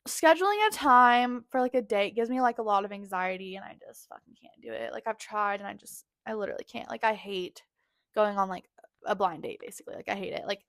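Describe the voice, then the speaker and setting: A woman's voice: mid-range voice, brisk, no echo, studio quality. A woman in her twenties hosting a podcast, telling dating stories in a candid, profane, dramatic way with lots of "like". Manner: candid and profane, heavy use of "like"; animated, dramatic storytelling. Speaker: podcast host. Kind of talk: casual storytelling monologue.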